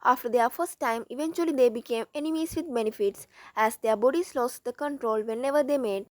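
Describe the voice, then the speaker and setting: A woman's voice: a little high, brisk, dry recording. Woman narrating a romance story. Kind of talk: reading a fan fiction story aloud.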